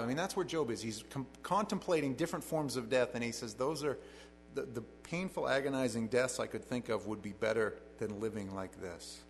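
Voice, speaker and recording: A middle-aged man teaches from the Bible in a loose, conversational sermon, dropping wry and sarcastic asides to the congregation. His voice has a gravelly, fry-heavy edge at a middling pitch. A faint hum of noise sits under the recording. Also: brisk, long reverb tail, low-quality recording. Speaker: preacher.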